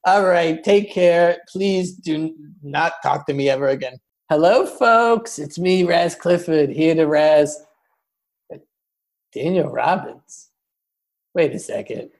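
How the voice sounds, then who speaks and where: A man hosting a comedy roast podcast, mocking guests with big swings between loud jabs and muttered asides. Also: fairly high pitch, slow pace, gravelly.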